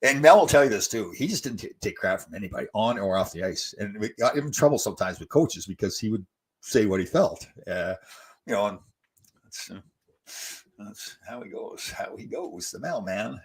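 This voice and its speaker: This host, a man in his sixties, speaks fairly quickly in a fairly low, husky voice with lively intonation. Chatty and storytelling, he reads viewer comments from his live stream and answers them at rambling length.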